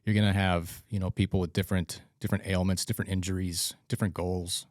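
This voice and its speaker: Male podcast host, very low voice, dry close sound; rambling, chatty delivery. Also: level tone, fast talker, darkish tone, dry recording. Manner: rambling, restarts and acts out quoted exchanges. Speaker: podcast host and trainer instructor. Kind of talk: casual chat.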